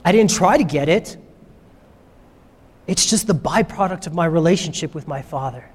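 A preacher voicing Jesus, calm and unafraid. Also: male voice, fairly high pitch, moderate pace, slightly rough, voice pushed down. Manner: steady, unafraid speech in first person. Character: calm, resolute Jesus facing his trial. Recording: long reverb of a large hall.

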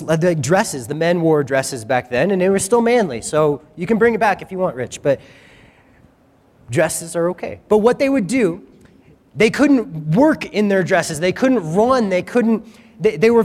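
A man preaching a sermon in a conversational, animated way, acting out quoted voices. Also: fairly high pitch. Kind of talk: sermon teaching. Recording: reverberant hall.

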